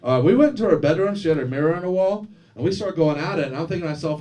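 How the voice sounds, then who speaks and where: Crude, lively stand-up comic man. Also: fairly high pitch, racing, hardly any pauses, far from the mic. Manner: crude, self-deprecating banter with the crowd. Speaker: stand-up comedian. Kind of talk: stand-up routine. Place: comedy club stage. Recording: live club with crowd laughter. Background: audience laughter.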